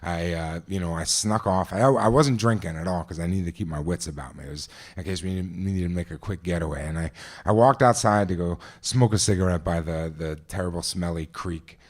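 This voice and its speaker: A man's voice: sits low, fairly quick. Man telling a live story on stage. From New Jersey. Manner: conversational, vivid, with frequent restarts and asides. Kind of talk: live first-person storytelling. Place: stage at a live event venue.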